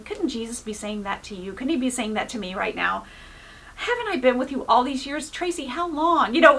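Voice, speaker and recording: A middle-aged woman giving casual devotional Bible teaching, animated and laughing as she acts out the disciples' voices. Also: on the high side, breathy edge, low-quality recording.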